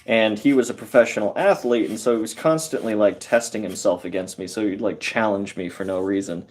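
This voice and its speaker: A man hosting a carpentry livestream, telling a story in a rambling, halting way with many fillers and chuckles. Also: fairly low pitch, a little mellow. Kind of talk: casual storytelling while working.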